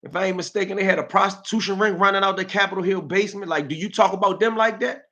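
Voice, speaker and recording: Animated, bright-voiced DC man ranting. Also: high-pitched, quick pace. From Washington, DC. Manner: animated, mocking, streetwise banter. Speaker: live-stream host. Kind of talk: live-stream commentary.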